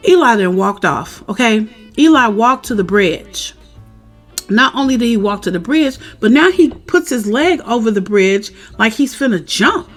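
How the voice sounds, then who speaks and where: A woman's voice: on the high side, moderate pace, faint music behind. Chatty woman recapping a TV episode. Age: adult parent. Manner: chatty, animated, acts out characters' lines. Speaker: show recap vlogger. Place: outdoors, windy.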